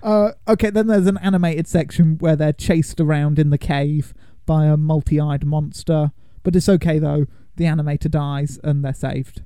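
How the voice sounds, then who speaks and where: A man's voice: a little high, fairly even intonation, moderate pace, hardly any pauses, warm tone, clean tone, no room sound. A man co-hosting a podcast, casually and playfully recapping a film and slipping into silly voices. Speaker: podcast co-host.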